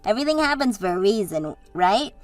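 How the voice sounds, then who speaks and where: A woman's voice: medium pitch, big pitch swings, a little fast, soft background music, lightly acted. A woman voicing Katie, a bubbly and encouraging sister and maid of honor, in a scripted story drama. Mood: cheerful.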